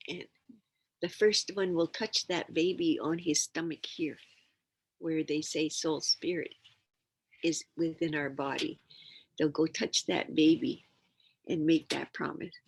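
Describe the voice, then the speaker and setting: An older woman sharing teachings as a storyteller, acting out the quiet hushing sounds and coaxing calls in her stories. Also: lowish voice, gravelly, breathy edge, low-quality recording. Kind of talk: storytelling talk.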